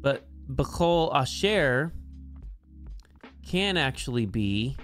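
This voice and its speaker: A man at a middle pitch explains Hebrew grammar slowly and deliberately, breaking down each word one at a time. Soft instrumental music sits faintly behind his voice. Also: big pitch swings. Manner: slow, deliberate, spells out each term. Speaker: Bible language teacher.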